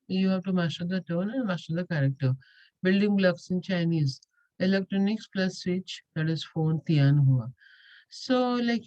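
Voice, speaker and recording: A woman's voice: medium pitch, a little mellow, lo-fi sound. A woman teaching a language lesson, explaining step by step and repeating key points. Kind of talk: explanatory lecture.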